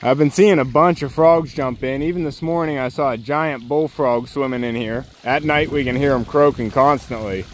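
A man's voice: medium pitch, moderate pace, hardly any pauses, a little hiss or hum. A man giving a casual walking tour of his garden outdoors, chatty and easygoing, joking along the way. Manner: easygoing, chatty, jokes and breaks off to talk to his dogs. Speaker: homesteader showing his garden.

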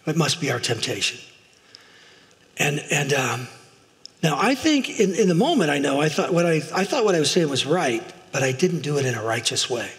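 A man's voice: fairly high pitch, big pitch swings, normal speed, a bit bright. A middle-aged man preaching as a pastor in a church, chatty and self-deprecating, often asking his listeners "right?". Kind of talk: sermon. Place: church sanctuary, in front of a congregation. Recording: long hall reverb.

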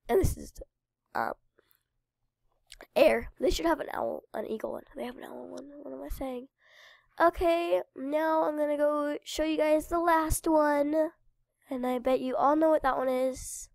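A woman's voice: high-pitched, fairly even intonation, measured pace, gravelly, pauses often, no room sound, clean studio sound. A woman with a cold and a stuffy nose, chatting casually to viewers as she plays and talks through a game. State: congested with a cold. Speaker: game channel host. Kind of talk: casual gameplay commentary.

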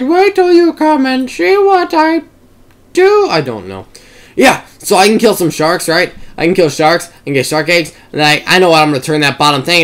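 A young man talks his way through a game with loud, hyper outbursts and plenty of swearing. His pitch leaps around wildly from mumbles to yelps. It's casual gaming commentary with a rambling, scattered flow. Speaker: gamer.

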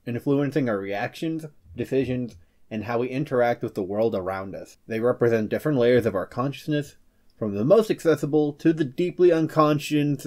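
A man hosting a scripted psychology explainer, reading with playful joking asides and quick comic character voices. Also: medium pitch, a little mellow. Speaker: host of a personality-psychology channel.

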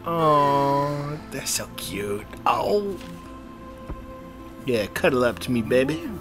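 A man's voice: medium pitch, big pitch swings, slow, music in the background. A man playing a video game and commenting on it in a casual, playful way, often speaking to the characters on screen. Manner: playful, talks to the game characters, jokey asides. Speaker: gameplay streamer. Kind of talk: casual let's-play commentary.

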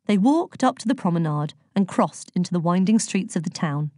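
A woman with a voice on the low side narrates a scripted audiobook, her reading measured yet expressive. The recording is dry, with clean studio sound.

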